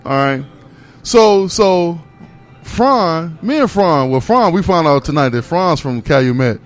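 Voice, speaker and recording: A man on a radio show, venting with emphatic, animated storytelling. His voice is high and swings widely in pitch. Faint music sits underneath. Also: a little slow. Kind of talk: casual comedic rant.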